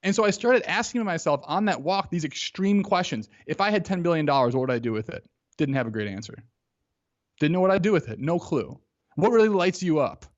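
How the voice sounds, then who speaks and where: Dull audio captures a thirtysomething podcast guest whose voice runs a little high and brisk. Relating something personal, he stays lively and informal, leaning on "like" and performing the quotes.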